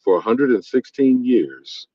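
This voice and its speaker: A man's voice: mid-range voice, big pitch swings, unhurried, dark tone, no echo. A man in a casual discussion, asking probing questions. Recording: dull lo-fi audio.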